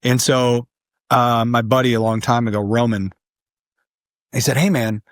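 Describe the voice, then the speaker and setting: A man's voice: mid-range voice, measured pace, no room sound, studio quality. A man in his forties, a podcast guest, talking casually and rambling, with many filler sounds. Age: 40s. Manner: relaxed, rambling, many ums. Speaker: guest, artist and podcast host. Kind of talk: casual conversation.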